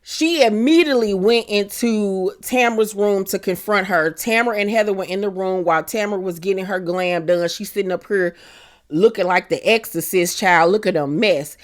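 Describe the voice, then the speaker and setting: A woman's voice: medium pitch, moderate pace. Sassy woman dishing reality TV gossip. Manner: sassy, dramatic, acts out quoted lines. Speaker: reality TV recap host. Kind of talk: casual gossip recap.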